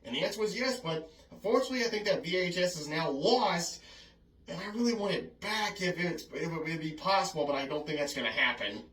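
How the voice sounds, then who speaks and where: A man's voice: on the high side, animated, fairly quick, a bit bright, far from the mic. Casual male vlogger, rambling and apologetic, recorded in an echoey room away from the mic. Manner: chatty, apologetic, frequent "oh, goodness" and chuckles. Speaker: film reviewer vlogger. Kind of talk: casual rambling film memories.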